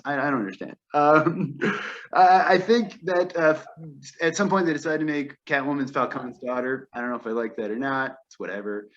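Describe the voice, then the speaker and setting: A man's voice: mid-range voice, fairly quick, fairly bright tone, dull audio. A man co-hosting a podcast, giving an opinionated, wryly complaining casual film review. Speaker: podcast co-host.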